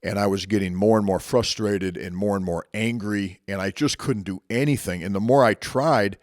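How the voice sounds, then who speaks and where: A man's voice: on the low side, moderate pace, no echo, studio quality. A man telling a personal martial arts story as a motivational talk, conversational and reflective with frequent restarts.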